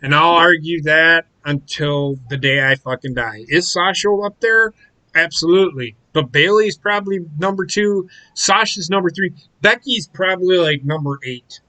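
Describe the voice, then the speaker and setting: High, bright-voiced ranting man. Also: normal speed, low-quality recording. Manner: ranting, profane, heated. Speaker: podcast co-host. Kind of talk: casual live watch-along chat.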